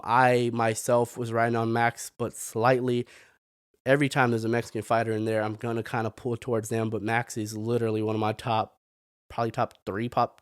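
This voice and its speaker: A man's voice: medium pitch, smooth, dry recording, clean studio sound. A man hosting a podcast, giving casual, opinionated sports commentary that rambles and keeps throwing in "man". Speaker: podcast host.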